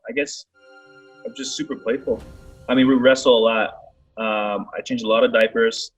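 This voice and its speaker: A young man, a baseball pitcher, talking casually as a guest, with lots of "like" and "you know". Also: normal speed, slightly rough, faint music behind, poor audio. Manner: relaxed, filler-heavy talk with many "like"s. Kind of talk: casual chat.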